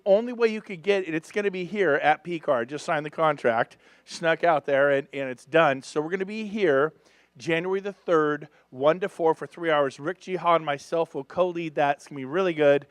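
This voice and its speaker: Man, 50s, from California; high-pitched, upbeat seminar speaker who jokes with the crowd; dry, close sound. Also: moderate pace, dry recording. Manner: energetic, joking, revs up the crowd. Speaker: real estate speaker at a business seminar. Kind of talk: live motivational talk to an audience.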